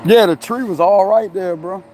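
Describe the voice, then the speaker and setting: A man's voice: high voice, a little mellow, a little hiss or hum. A man chatting loosely on a live stream, rambling, laughing often and tagging lines with "you know what I'm saying". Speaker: tarot reader streaming live. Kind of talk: casual live-stream chat. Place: outdoors near a tree and traffic.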